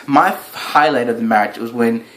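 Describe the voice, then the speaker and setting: A wrestling fan reviewer, a man with a middle-pitched voice, talks through a wrestling event in a loose, rambling reaction video. At a moderate pace he recounts the action play by play, growing more excited as he goes.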